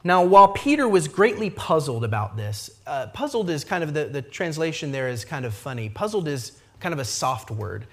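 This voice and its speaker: A man preaching a sermon, retelling scripture in a lively conversational way, often adding asides and briefly acting out the characters' lines. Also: a little high. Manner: lively expository preaching, frequent asides with "right?"; acts out the characters' lines in quick voices. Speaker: pastor.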